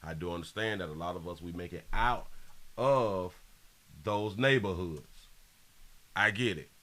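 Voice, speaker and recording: A man's voice: deep voice, a little slow, a bit bright. A man hosting a live stream, chatting casually in slang, repeating phrases and reading out viewer donations. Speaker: livestream host.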